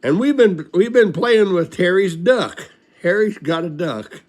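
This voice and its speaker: A man's voice: high voice, lively intonation, a little slow. An older man telling a rambling, folksy story from his childhood into a home recording, chuckling along as he goes.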